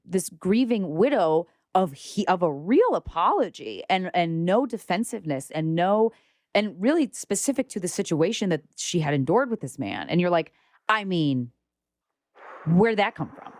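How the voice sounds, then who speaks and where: A young woman talks as a guest in a casual conversation, her voice sitting on the lower side. She is animated and outspoken, with a lot of casual swearing. The recording is dry and close. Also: moderate pace, no echo. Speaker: podcast guest.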